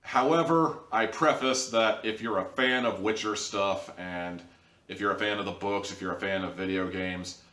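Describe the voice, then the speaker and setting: A man's voice: lowish voice, normal speed, pushed and bright, far from the mic. Man, casual video review, easygoing, rambling, roomy echo. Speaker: show host and reviewer.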